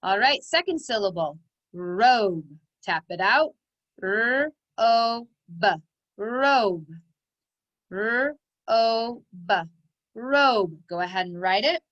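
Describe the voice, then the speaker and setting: A woman's voice: mid-range voice, expressive, unhurried, a bit bright, dry recording, muffled recording. A woman teaching phonics, patiently dictating words and stretching out their sounds for young children. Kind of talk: slow, clear teaching dictation.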